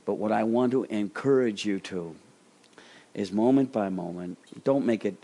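A man preaching an earnest sermon as pastor, his voice climbing high when he acts out quotes and dropping soft and slow on key points.

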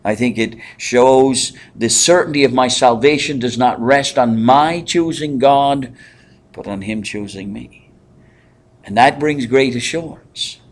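A man leading a Bible study in a conversational way, pausing with fillers and asking the group questions. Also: medium pitch. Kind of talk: interactive Bible teaching.

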